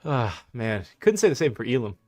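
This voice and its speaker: A man's voice: mid-range voice, big pitch swings, normal speed, a little mellow, soft background music. A young man hosting a livestream, talking casually in a mocking, laughing, slangy way. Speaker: livestream host.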